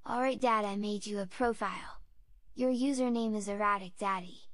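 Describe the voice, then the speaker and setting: A woman voicing a cheeky young boy who answers his dad in a sassy, deadpan way. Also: medium pitch, normal speed, no room sound, studio quality, close to an everyday voice.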